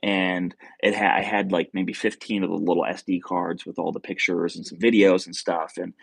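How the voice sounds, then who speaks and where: A man's voice: low-pitched, little pitch movement, moderate pace, creaky, breathy edge, dry recording. A young man hosting a casual livestream, telling a rambling story full of fillers and restarts and reading viewer comments. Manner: reads viewer comments aloud. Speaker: livestream host.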